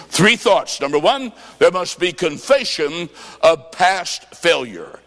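A man delivers a revival sermon with a dramatic, rhythmic cadence and sudden shouted bursts. His voice sits fairly high. It rings out with a long hall reverb. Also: very animated, takes it slowly. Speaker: revival preacher. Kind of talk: sermon with storytelling.

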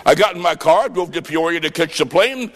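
A man preaching a revival sermon with folksy stories, impassioned and shouting at the peaks. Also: on the high side, expressive, fairly quick. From Illinois. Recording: echoey hall with long reverb.

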